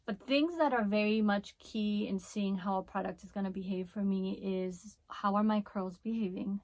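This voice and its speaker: A woman's voice: mid-range voice, normal speed, few pauses, darkish tone, dry recording. A woman with a Spanish accent chatting enthusiastically through a hair product review vlog. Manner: chatty and enthusiastic, with laughs and asides. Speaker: hair care vlogger.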